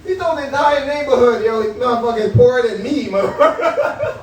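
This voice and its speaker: A man's voice: very high-pitched, animated, fairly quick, far from the mic, a little hiss or hum. A man doing a stand-up comedy set in a small club, talking straight to the crowd with loose, profane banter. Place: small comedy room at a cannabis lounge. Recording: very echoey room picked up from afar.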